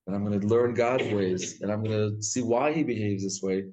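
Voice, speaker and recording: Animated rabbi telling stories to a class. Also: male voice, fairly low pitch, normal speed, low-quality recording. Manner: animated storytelling, acts out quotes, frequent restarts. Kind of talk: Torah class talk.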